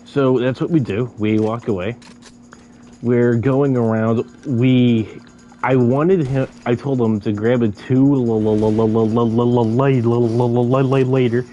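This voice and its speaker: A man's voice: medium pitch, fairly even intonation, unhurried, warm tone, dull audio, soft background music. A young man casually telling a story about a night out, often stuck repeating syllables before a word comes out. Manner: stammers, repeating syllables many times.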